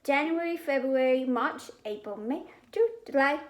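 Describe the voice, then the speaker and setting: A woman voicing a playful, chatty toddler boy in a storybook reading, with a high, singsong delivery. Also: normal speed, reverberant, natural voice.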